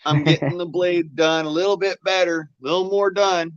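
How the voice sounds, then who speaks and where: A man's voice: high-pitched, fairly even intonation, moderate pace, smooth, dry recording. Drawling man, muffled mic. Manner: drawling, profane, joking. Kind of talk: casual chat.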